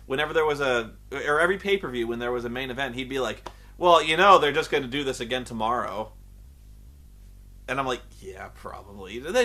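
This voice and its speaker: Guy ranting about wrestling, sarcastic and sweary, voice jumps all over the place. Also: medium pitch. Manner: animated, profane, sarcastic, goes off on tangents. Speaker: wrestling show reviewer. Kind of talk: casual ranting commentary.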